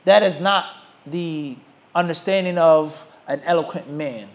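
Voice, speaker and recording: A man with a high-pitched voice teaches a religious class. He is emphatic and animated. He keeps putting questions to his listeners and pausing for them to fill in the answer. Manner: rhetorical questions asked to the audience. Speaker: Islamic teacher.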